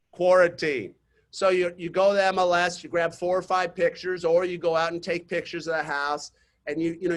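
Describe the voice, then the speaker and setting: A man coaching real estate agents in a webinar, telling chatty stories to the audience and pitching his program. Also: fairly bright tone. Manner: chatty storytelling, talks straight to the audience. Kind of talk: webinar presentation with sales pitch. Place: online webinar.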